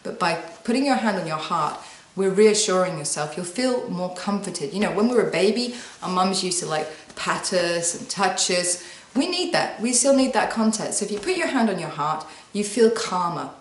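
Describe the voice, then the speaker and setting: A woman talking to camera as a wellbeing coach, giving calm, soothing step-by-step instructions and guiding the listener through breathing. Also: mid-range voice, normal speed. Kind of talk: guided self-help talk to camera. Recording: echoey room.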